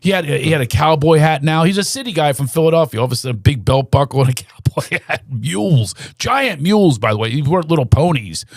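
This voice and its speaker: A man, a guest comedian, telling stories in a podcast chat, animated and prone to restarts, slipping into voices of the people he quotes. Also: fairly high pitch, fast talker, hardly any pauses, no echo, studio quality. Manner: animated storyteller who slips into quoted voices; restarts and stammers mid-story.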